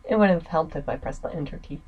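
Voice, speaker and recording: A woman's voice: deep voice, lively intonation, quick pace, husky, muffled recording. Offhand American woman playing a game. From United States. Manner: offhand, self-mocking asides. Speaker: let's player. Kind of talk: casual gameplay commentary.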